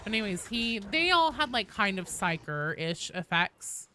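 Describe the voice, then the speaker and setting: Woman, game streamer, casual chat, reads chat aloud, bright voice, lively pitch. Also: unhurried. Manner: chatty, reads and answers chat while playing.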